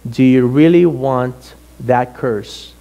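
A man voicing God as a calm, fatherly figure who speaks slowly and solemnly. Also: mid-range voice, creaky, dull audio.

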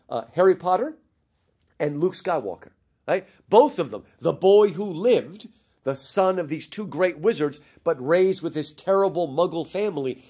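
A middle-aged man giving an animated lecture, telling stories with energy and addressing his listeners as folks. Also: fairly high pitch.

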